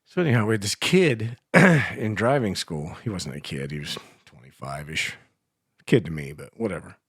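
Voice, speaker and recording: Morning radio co-host, male, from Ohio; deep rough voice, rambling crude jokes, dry booth sound. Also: expressive, moderate pace, no room sound. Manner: rambling, crude joking with laughs. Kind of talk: casual banter.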